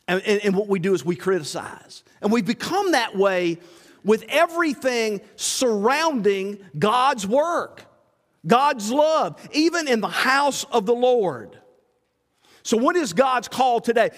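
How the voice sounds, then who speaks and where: Male pastor, sermon, high voice, lively rising and falling pitch, long echo. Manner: animated preaching with rhetorical questions and repetitions. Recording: long hall reverb.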